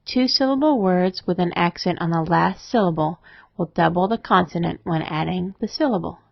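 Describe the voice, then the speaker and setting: A woman narrating a scripted spelling lesson, explaining rules in a steady, methodical way. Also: fairly low pitch, creaky, no room sound. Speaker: spelling teacher. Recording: dry, dull lo-fi voice-over.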